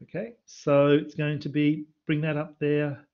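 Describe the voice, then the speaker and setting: A university maths lecturer runs a live-streamed revision lesson, quizzing students in the chat. His voice is a little high, monotone and unhurried, creaky yet clear with a resonant tone. The computer mic on the stream gives dull audio.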